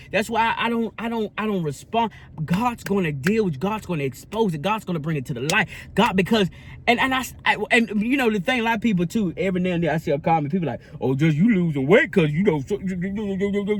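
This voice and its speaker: Man, high-pitched voice, earnest and preachy, faint hiss behind him. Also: fairly bright tone. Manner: earnest, repetitive, sermon-like cadence. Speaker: vlogger. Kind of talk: casual preachy vlog talk.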